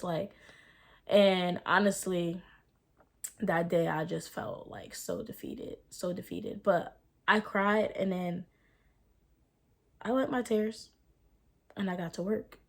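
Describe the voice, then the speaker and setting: A young woman tells her own story to the camera in a casual, emotional vlog. Her voice sits a little low, and she speaks quickly, piling on fillers and calling her viewers "y'all.". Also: creaky. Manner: fast, filler-heavy speech with rising and falling intensity. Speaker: vlogger and mother.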